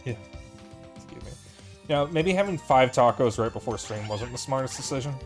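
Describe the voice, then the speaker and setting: A young man talks through a game stream in a loose, candid way, swearing freely and drifting between thoughts with plenty of "uh"s. His pitch sits in an ordinary middle range. Soft music plays faintly underneath. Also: lively intonation, a little fast. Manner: candid, profane, rambling with fillers. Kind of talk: casual gameplay commentary.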